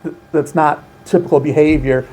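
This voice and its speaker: A man's voice: fairly high pitch, steady tone, normal speed, a little mellow. A man working as an outreach coordinator, explaining child safety steps in an earnest, emphatic way during an interview. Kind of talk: informational interview.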